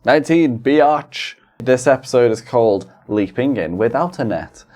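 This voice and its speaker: A man's voice: mid-range voice, expressive, unhurried, a little mellow. A man co-hosting a podcast in joking, casual chat, playful and silly. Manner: playful, silly, putting on goofy voices. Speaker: podcast co-host.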